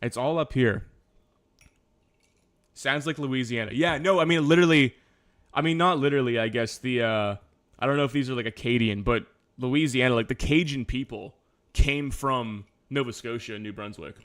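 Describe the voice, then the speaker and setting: This man's voice is medium in pitch and a bit bright, moving at normal speed. Chatting casually on a live stream, he wanders from point to point, cursing and fixing his own words as he goes.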